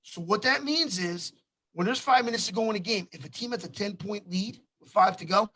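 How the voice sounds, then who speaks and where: Animated high-voiced man telling betting stories. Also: a little fast. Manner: animated, acts out quotes in other voices. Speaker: sports show host. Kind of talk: casual storytelling.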